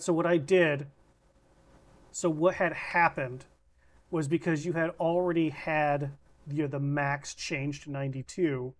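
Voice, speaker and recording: A game master walking players through rules and character sheet fixes, patiently and methodically, restarting sentences to rephrase. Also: mid-range voice. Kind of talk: explaining rules in a casual online game session.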